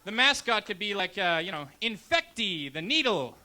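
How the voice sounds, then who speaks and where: Young Canadian male comic, high and lively, bright edge, brash deadpan stand-up. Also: normal speed. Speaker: stand-up comedian. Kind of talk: stand-up comedy set. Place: comedy club stage.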